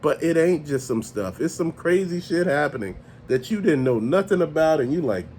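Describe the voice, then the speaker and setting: Animated man ranting casually. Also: a little high, moderate pace, few pauses, a little hiss or hum. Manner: animated, profane, conversational. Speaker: toy channel host.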